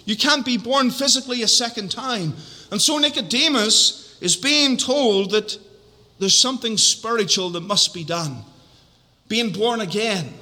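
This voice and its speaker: Male preacher, high, piercingly bright voice, deliberate emphatic sermon delivery, echoing church hall. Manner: measured, emphatic repetitions, drawn-out key words. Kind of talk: evening sermon. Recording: long hall reverb.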